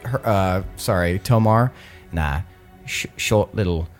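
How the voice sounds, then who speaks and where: A man narrating as the game master with a relaxed, hesitant delivery. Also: sits low, unhurried, soft background music. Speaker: dungeon master.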